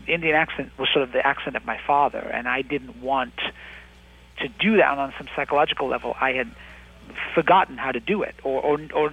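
A man's voice: mid-range voice, fairly quick, vocal fry, breathy edge, highs cut off. A man in his thirties, an actor, talking reflectively in an interview and often restarting his sentences as he thinks. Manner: thoughtful, many restarts and hedging fillers. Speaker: actor and writer, interview guest.

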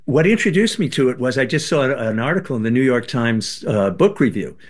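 An older man, a guest on an interview show, telling a personal story in a lively way and acting out the voices he quotes. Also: mid-range voice, brisk. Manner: animated, acts out quoted voices. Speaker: guest, former band member and author.

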